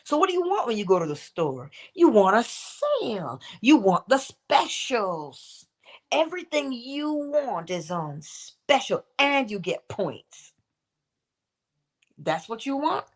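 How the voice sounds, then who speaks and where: Here a woman with a mid-range voice speaks slowly, her pitch swinging widely as she hosts a morning inspiration stream. She poses rhetorical questions, performs the voices of people she quotes, and occasionally whispers.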